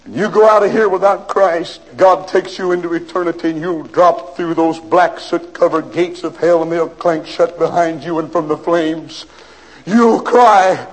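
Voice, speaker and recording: A man's voice: fairly high pitch, steady tone, normal speed, few pauses, rough recording. A man preacher telling a vivid story in a sermon, then urging listeners with grave appeals. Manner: dramatic storytelling, urgent appeals.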